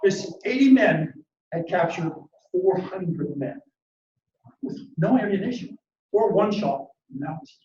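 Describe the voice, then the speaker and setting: A man giving a motivational talk, telling a war story dramatically and acting out the shouted orders. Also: sits high, animated, measured pace. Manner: dramatic, acts out quotes and shouts battle orders. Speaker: motivational speaker. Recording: echoey room, distant mic, dull lo-fi sound.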